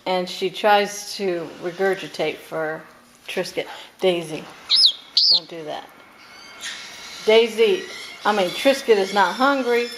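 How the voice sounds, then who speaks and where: A woman filming her pet parrots at home, coaxing them in a high, sing-song pet voice and laughing often. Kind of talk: home video chat with pet birds. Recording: home camera with loud background noise.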